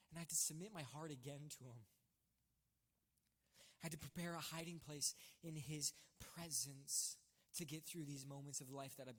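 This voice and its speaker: A man giving an emotional personal testimony as a church site leader, earnest and halting with frequent restarts. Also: a little high, a bit bright, long reverb tail. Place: church stage.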